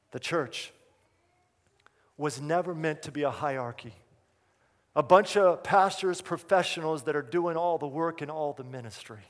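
Male pastor, high voice, emphatic sermon delivery, repeats his points, church reverb. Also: moderate pace, long pauses. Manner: emphatic, repeats key lines, asks the congregation questions.

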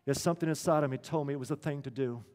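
A man, a pastor, tells a story in an earnest sermon, slowing down to stress key lines. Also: medium pitch, darkish tone, in a large hall.

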